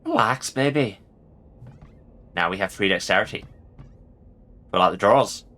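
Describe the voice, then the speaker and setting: A man's voice: low-pitched, steady tone, fairly quick, bright, forceful tone. A man hosting a let's play and giving playful, jokey commentary on the game. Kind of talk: casual gameplay commentary.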